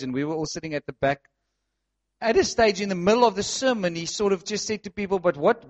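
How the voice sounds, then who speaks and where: Man, preacher, passionate sermon, loud-soft swings, higher pitch, muffled lo-fi sound.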